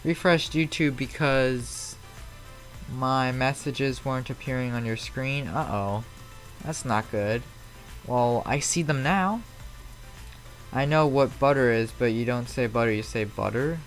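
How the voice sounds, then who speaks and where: Faint music plays behind a man's mid-range voice as he speaks slowly. He's a flight sim live streamer at home, casually chatting and replying aloud to viewers' messages as they pop up.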